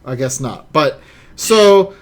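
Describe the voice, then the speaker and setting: A man co-hosting a gaming podcast in easygoing casual chat. His voice sits a little high for a man. He laughs often and trips over his restarts. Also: expressive, slow. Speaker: podcast co-host.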